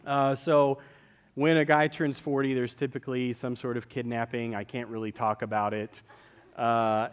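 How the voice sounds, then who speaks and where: A man in his forties giving a conversational sermon in a large church, often checking in with the congregation and acting out quoted voices. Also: medium pitch. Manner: conversational, keeps asking "right?", acts out quoted voices. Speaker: pastor.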